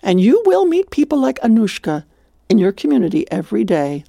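A woman's voice: on the high side, very animated, a little fast, creaky, mellow, no room sound. A woman hosting a devotional radio talk, telling a story and preaching in a heartfelt, exclamatory way.

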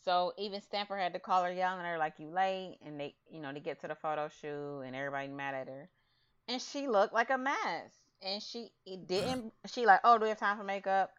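A woman's voice: fairly low pitch, brisk, clear, resonant tone. A woman co-hosting a casual chat, recapping a TV episode and acting out the characters' lines with slang. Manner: animated storyteller, acts out quotes with slang. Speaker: podcast co-host. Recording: slightly dull lo-fi audio.

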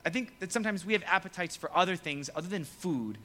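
Young male youth pastor, casual joking sermon, bright tone, swooping pitch, acts out quotes. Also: expressive, fast talker.

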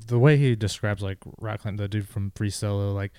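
A young man co-hosting a casual sports podcast, talking in a halting way full of fillers and restarts. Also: lowish voice, steady tone, mellow, clear, resonant tone, no room sound, clean studio sound. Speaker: podcast co-host.

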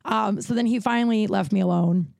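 An American woman comedian telling a story on a podcast, dramatic and animated, swearing freely. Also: mid-range voice, fairly quick, gravelly, dry recording, studio quality. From United States. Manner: swears freely, many fillers.

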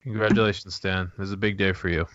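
Man, podcast co-host, matter-of-fact, forceful sharp tone, dry dull recording. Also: deep voice, steady tone, fast, dry recording. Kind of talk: casual podcast chat.

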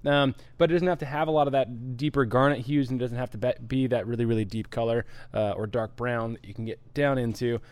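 A man's voice: medium pitch, fairly even intonation, brisk, hardly any pauses, clean tone. A man co-hosting a live homebrewing stream, explaining in an easygoing way and reading out viewer comments. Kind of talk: casual live-stream chat.

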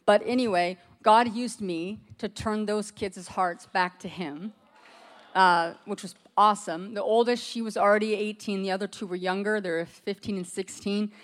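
A woman's voice: mid-range voice, steady tone, moderate pace. A middle-aged woman telling a personal story to a group, acting out what others said and laughing often. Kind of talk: animated personal testimony.

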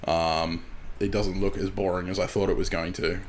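A man's voice: low voice, little pitch movement, normal speed, slight background noise. A man co-hosting a podcast in casual chat, laughing a lot and reacting with short remarks. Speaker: podcast co-host.

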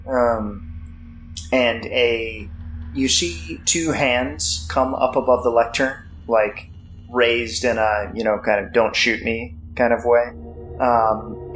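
A young man narrating as game master of a tabletop game, slow and halting with many fillers. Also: medium pitch, fairly bright tone, rough recording.

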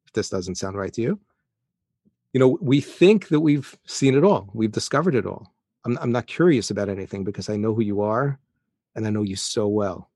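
A man interviewing a guest, reflecting thoughtfully and tentatively, with many pauses and fillers. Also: lowish voice, darkish tone, husky, no echo, studio quality. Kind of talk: conversational interview.

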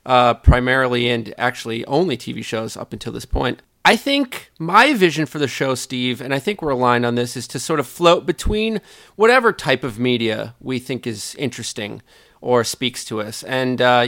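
A man's voice: medium pitch, sing-song, moderate pace, creaky, fairly bright tone, no room sound, clean studio sound. A man hosting a podcast and chatting casually, articulate and playful as he introduces the show. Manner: articulate, playful, self-aware. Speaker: podcast host.

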